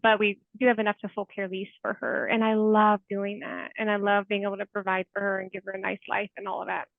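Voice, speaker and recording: A woman in her forties, a therapist guest in a casual interview, talking in a chatty, heartfelt way with many fillers and soft laughs. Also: medium pitch, flat delivery, fast talker, gravelly, no room sound. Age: 40s. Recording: tinny phone-like call audio.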